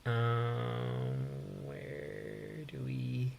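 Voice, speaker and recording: Male streamer, mid-pitched, slow and halting, thinking aloud; faint background noise. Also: very animated, gravelly, muffled recording. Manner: thinking aloud, unhurried, with many pauses and fillers. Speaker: host. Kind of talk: casual live-stream commentary.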